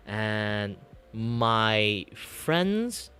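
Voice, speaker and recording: A man from Malaysia with a Malaysian English accent touched by Scottish vowels, chatting casually as a streamer in a relaxed, rambling way. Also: fairly low pitch, drawn-out words, clear, resonant tone. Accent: Malaysian English with slight Scottish influence. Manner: rambling, relaxed, lots of fillers. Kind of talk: casual chat.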